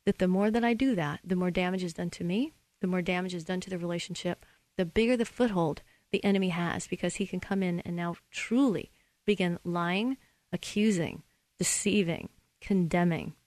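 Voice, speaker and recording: A woman hosting a Christian relationship advice radio show in an earnest, steady, teacherly way. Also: fairly low pitch, moderate pace, no echo.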